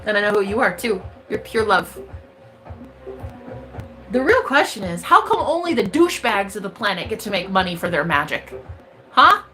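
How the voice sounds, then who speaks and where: A woman's voice: mid-range voice, very animated, moderate pace, pauses often, sharp tone, faint music behind. A woman, a spiritual reader, giving an emphatic, profane motivational rant straight to her viewers.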